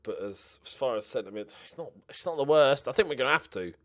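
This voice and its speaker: A young man giving casual, animated commentary on his own game play, muttering to himself and swearing now and then. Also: medium pitch, brisk. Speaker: gaming commentator.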